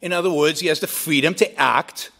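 A man's voice: fairly high pitch, fairly quick, vocal fry, sharp tone. A man giving a debate speech in an emphatic style, building points with rhetorical questions and repeated phrases.

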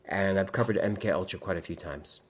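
A man's voice: deep voice, fairly quick. A man hosting a livestream, reading chat aloud in casual talk, wry and rambling, often laughing at his own jokes.

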